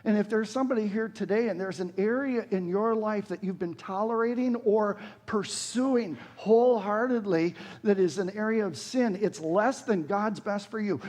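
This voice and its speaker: Pastor, man in his 60s, high-pitched, earnest sermon delivery with big swings in intensity. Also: moderate pace, darkish tone. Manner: earnest preaching, voice rising and falling sharply when quoting scripture.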